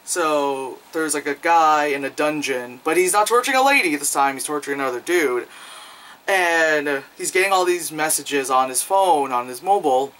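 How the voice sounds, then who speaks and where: This casual film reviewer has a slightly high, a bit bright voice with lively intonation and a moderate pace, though the audio is poor. He rambles in a loose, profane way with many fillers, and he acts out quoted lines in jumpy voices.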